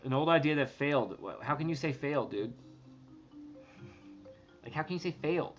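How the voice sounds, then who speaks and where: Vlogger, male, slightly high voice, rambling and excitable, dull lo-fi sound. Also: moderate pace, faint music behind. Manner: rambling, excitable, swears, many restarts. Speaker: treasure hunt vlogger. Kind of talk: casual talk to viewers.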